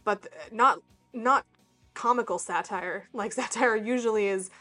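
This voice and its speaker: A woman's voice: fairly high pitch, unhurried, sharp tone. A chatty woman co-host talking casually with a friend. She hesitates with fillers and laughs often, and faint music plays beneath her voice. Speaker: podcast co-host. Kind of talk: casual chat.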